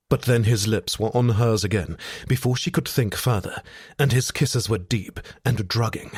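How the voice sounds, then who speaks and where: A man narrating a romance audiobook with steady, sensual storytelling. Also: mid-range voice, slightly rough, dry recording, studio quality.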